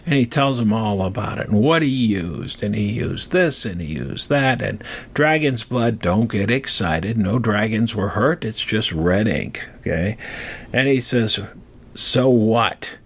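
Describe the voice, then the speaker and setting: Gravelly, animated male storyteller. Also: on the low side, a little slow. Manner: digressive, animated, chatty asides. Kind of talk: casual spoken storytelling.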